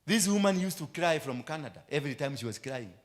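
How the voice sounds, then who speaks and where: Kenyan man preaching, switching loud and low. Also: lively intonation, quick pace. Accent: Kenyan English. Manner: mixes Swahili into English, repeats phrases, swings from loud to low. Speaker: apostle preaching. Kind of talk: sermon.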